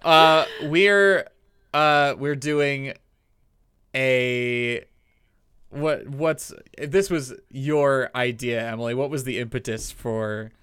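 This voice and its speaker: A woman co-hosting a podcast in casual chat, making dry, wry, deadpan remarks. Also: extremely low pitch, slow, clear, resonant tone, no echo. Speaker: podcast co-host.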